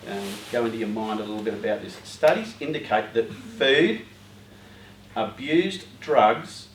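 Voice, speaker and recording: A man's voice: mid-range voice, slight background noise. A man giving an informal talk to a youth group, joking and rambling with lots of fillers and asides. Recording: roomy hall, voice far from mic.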